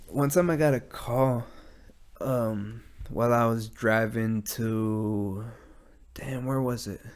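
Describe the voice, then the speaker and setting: Rambling, profane young guy. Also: medium pitch. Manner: rambling, profane, laid-back. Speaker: podcast host. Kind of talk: casual solo podcast monologue. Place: home garage.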